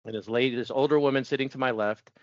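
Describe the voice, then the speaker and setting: A man in his forties telling his story as a podcast guest, chatty and quick to laugh, often restarting sentences. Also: medium pitch, fairly even intonation, no room sound. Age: 40s. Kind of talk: casual storytelling interview. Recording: dull dry lo-fi audio.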